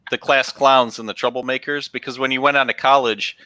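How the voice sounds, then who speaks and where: A man in a casual chat, recalling things in a relaxed, wry way. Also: mid-range voice, a little fast, dry recording.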